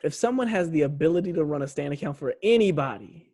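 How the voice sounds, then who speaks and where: Podcast co-host, woman from Little Rock, profane joker with a lively, swinging pitch. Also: fast. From Little Rock, Arkansas. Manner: loose, profane, joking, talks over her co-host. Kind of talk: casual podcast banter.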